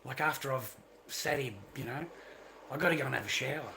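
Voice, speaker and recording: Male streamer, bright edgy voice, profane heated rant to camera. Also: medium pitch, fairly quick, creaky, slight background noise. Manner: profane, heated ranting with repetition. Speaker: livestream host. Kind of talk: ranting live stream monologue.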